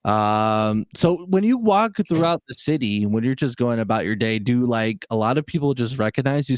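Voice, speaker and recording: A man's voice: medium pitch, expressive, moderate pace, few pauses, no room sound. Male co-host, casual and rambling, dry room. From Chicago area. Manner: rambling, many fillers and restarts. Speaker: podcast co-host. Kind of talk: casual interview chat.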